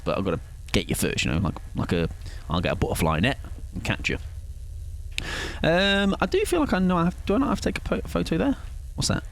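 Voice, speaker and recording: A man chatting casually with viewers while streaming a game, playful and rambling, chuckling often. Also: lowish voice. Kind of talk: casual live-stream chat while gaming.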